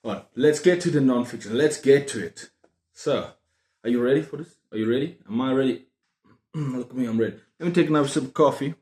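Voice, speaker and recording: A man's voice: medium pitch, fairly quick, darkish tone. A man chats to camera in a loose, rambling way, drifting into playful tangents. His voice sits in a mid register and carries a noticeable roomy echo, as if he were in a bare room at home. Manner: rambling, jokey asides and tangents. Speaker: book vlogger. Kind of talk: casual rambling monologue to camera.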